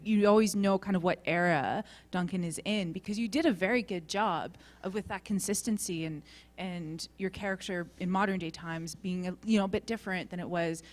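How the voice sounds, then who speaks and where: A woman moderating a convention panel, asking the guests questions quickly and eagerly. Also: mid-range voice.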